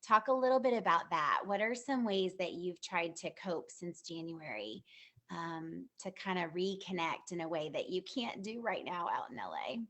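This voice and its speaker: A woman counselor guiding a conversation with a reassuring, supportive manner. Her voice sits a little low. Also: lively intonation, normal speed, pushed and bright. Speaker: counselor host.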